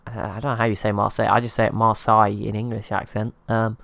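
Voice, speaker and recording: A man's voice: on the low side, flat delivery, racing, gravelly, no echo. Rambling man narrating strategy gameplay. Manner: rambling, self-deprecating, chuckles at himself. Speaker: gaming channel host. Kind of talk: casual gameplay commentary.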